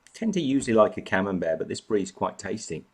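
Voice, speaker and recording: A man's voice: lowish voice, very animated, quick pace, husky. A man hosting a casual live chat from home, greeting viewers by name and snacking as he talks. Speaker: live stream host.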